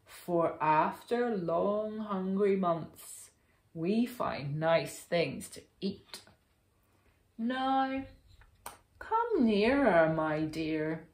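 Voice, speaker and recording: A woman's voice: mid-range voice, expressive, very slow, darkish tone, reverberant. Sly, growling storybook wolves, played by a woman reader. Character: sly hungry pack of wolves.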